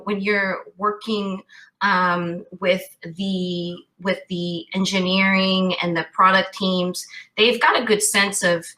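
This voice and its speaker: A woman's voice: mid-range voice, pushed and bright, low-quality recording. A woman talking as a cyber risk expert guest, thoughtful and full of restarts. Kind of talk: casual interview talk.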